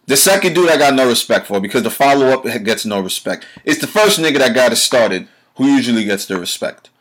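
A man's voice: medium pitch, expressive, brisk, few pauses, fairly bright tone. A man, hosting his own show and delivering a heated, profane monologue straight at the listener. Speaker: show host.

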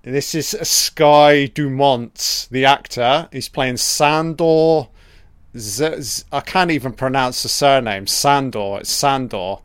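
A man's voice: mid-range voice, slow pace, clean tone, no room sound, clean studio sound. A man giving a casual, profane audio commentary over a film, joking and talking back at the characters.

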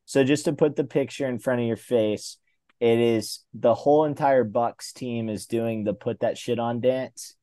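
A man's voice: mid-range voice, fairly even intonation, a little slow, warm tone, no room sound, clean studio sound. A man co-hosting a casual podcast, speaking in a laid-back way with hesitant fillers. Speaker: podcast co-host. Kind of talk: casual chat.

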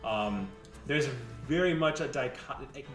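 A man narrating a tabletop game as game master, in a lively storytelling manner. His voice sits a bit back from the mic in an echoey room, with music running underneath. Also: mid-range voice, slow pace, far from the mic.

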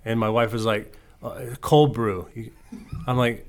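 A man hosting a podcast, telling a story in casual chat with lots of swearing and animated outbursts. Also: mid-range voice, a little slow, pauses often, clean tone. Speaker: podcast host.

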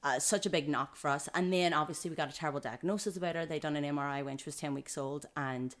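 A woman's voice: sits low, quick pace. Earnest woman recounting a hard story. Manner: earnest, acts out the voices of others in quotes. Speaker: podcast guest, mother of triplets. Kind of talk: emotional personal storytelling in casual conversation.

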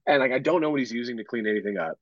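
A man's voice: mid-range voice, expressive, rapid-fire, dry recording, muffled recording. A man in his thirties, a podcast co-host, telling a long story in casual profane chat full of fillers. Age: 30s.

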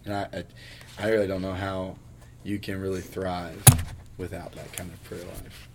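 A man's voice: low voice, flat delivery, moderate pace, very noisy. A male pastor in a casual conversation, speaking earnestly and often repeating words as he works through a thought. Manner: earnest, stumbles and repeats words while thinking aloud.

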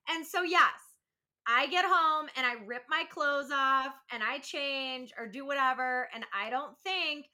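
A woman's voice: sits high, measured pace, sharp tone. A young woman co-hosting a podcast, chatting casually and bluntly, swearing freely as she tells stories about her husband. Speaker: podcast co-host. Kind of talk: casual chat.

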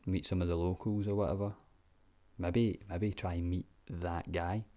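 A man's voice: sits low, flat delivery, moderate pace, dark tone. A Scottish man giving laid-back, sweary reaction commentary with lots of ums and chuckles. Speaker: vlogger.

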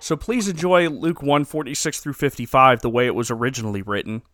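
A man's voice: medium pitch, fairly quick, fairly bright tone, no room sound, studio quality. A man hosting a podcast, giving a wry, joking recap with chuckles in a casual comedic style. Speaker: podcast host.

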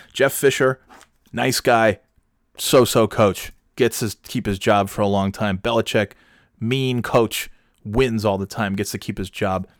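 A man with a fairly low voice rants on a casual talk show, sarcastic and full of swearing. He rambles and restarts his sentences, and the recording sounds dry and close. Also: no room sound.

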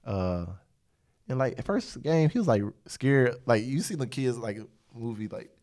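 A man's voice: mid-range voice, lively intonation, measured pace, darkish tone. A man hosting a podcast in casual chat, a rambling storyteller who laughs often. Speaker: podcast host.

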